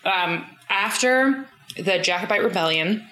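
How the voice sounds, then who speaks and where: A woman co-hosting a podcast, recapping a TV episode with jokes, quick asides and swearing. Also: mid-range voice, expressive, sharp tone, low-quality recording. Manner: joking, profane, quick asides. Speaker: podcast co-host. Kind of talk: casual chat recapping a TV episode.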